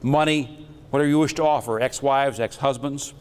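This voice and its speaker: A male lecturer working through his slides on mystical subjects in a loose, wandering way. He throws in teasing jokes and blunt asides, and his voice sits at an ordinary middle pitch. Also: fairly even intonation, moderate pace, big-room sound, noisy background. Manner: rambling, jokey and irreverent. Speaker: metaphysics lecturer.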